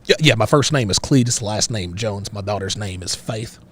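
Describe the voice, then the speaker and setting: A man voicing a bigoted, stern middle-aged backwoods father with a slow, drawling rural Southern accent and a lecturing manner. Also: fairly low pitch, a bit bright, husky. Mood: folksy, confiding. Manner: lecturing, interrogating, self-righteous. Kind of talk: improvised character voice on a livestream.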